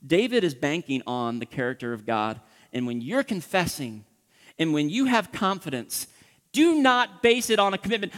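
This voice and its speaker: A man preaching a sermon as pastor, impassioned, acting out prayers and dropping from loud pleading to hushed whispers. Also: high-pitched, big pitch swings, normal speed, big-room sound.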